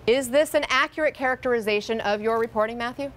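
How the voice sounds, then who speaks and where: Woman news anchor, clear broadcast read. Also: on the high side. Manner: clear, measured broadcast delivery.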